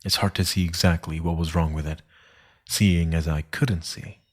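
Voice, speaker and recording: A man narrating a dark thriller story in a solemn, hushed manner that often sinks to a whisper. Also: low voice, fairly even intonation, normal speed, breathy edge.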